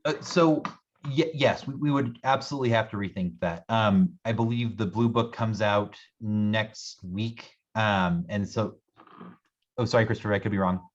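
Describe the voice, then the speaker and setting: A man presenting a city budget at a public meeting, talking rapidly with many repeated words and restarts. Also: lowish voice, lo-fi sound.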